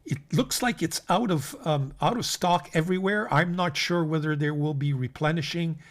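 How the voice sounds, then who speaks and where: Man, slightly higher voice, casual rambling host, lots of ums and restarts, talks to viewers as folks. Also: moderate pace. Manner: rambling, many fillers and restarts. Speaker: fountain pen channel host. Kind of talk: casual product roundup.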